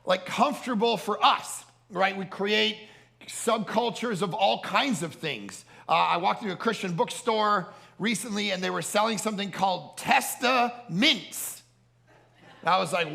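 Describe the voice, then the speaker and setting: A man delivers a lively camp sermon, acting out the people in his stories as he goes. His voice is very gravelly, with plenty of fry, and it sounds bright and forceful. He pitches a little higher than most men. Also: unhurried. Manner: animated storytelling, acts out quoted people. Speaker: pastor. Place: family camp meeting.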